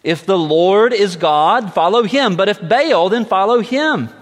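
A man voicing a bold, scornful male prophet, declaiming his words forcefully in a raised voice. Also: sits high, animated, a little slow, pitched above the performer's own voice. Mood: commanding. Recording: long echoing reverb.

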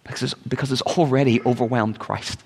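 An earnest male pastor preaching a sermon, his voice at a middle pitch. At times he pushes into urgent, pleading appeals to the congregation. The sound carries the long reverb of a church sanctuary. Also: steady tone, fairly quick, creaky, breathy edge.

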